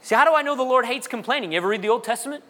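A man preaching a sermon as pastor, his voice swinging between loud high peaks and low quiet asides. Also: animated, very fast. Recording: long reverb of a large hall.

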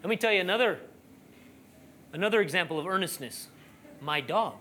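A preacher giving a sermon, telling a lively personal story and then building to emphatic, raised-voice preaching. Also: mid-range voice, a little fast, a little hiss or hum.

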